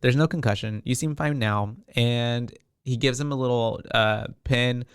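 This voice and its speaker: A man recaps a horror film with his co-host, slipping into the characters' voices and cursing freely. His voice is smooth and clear, with average pitch. The sound is dry and close. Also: measured pace, no echo. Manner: animated storytelling with profanity, acts out quoted lines. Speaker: podcast co-host. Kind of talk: casual movie recap chat.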